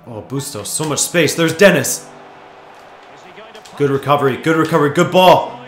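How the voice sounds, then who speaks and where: A man commentating his own football video game, muttering then yelling with excitement, his voice going hoarse. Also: fairly high pitch, moderate pace, echoey room, faint music behind. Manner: excitable, swings from mutters to shouts. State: losing his voice. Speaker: gaming YouTuber.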